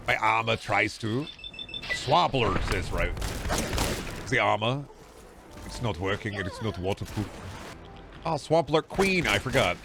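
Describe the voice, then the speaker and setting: A man's voice: on the low side, moderate pace, vocal fry, long pauses, background noise. A young man streaming a game, cracking sarcastic, profane jokes and rambling about what he finds. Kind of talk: casual gameplay commentary.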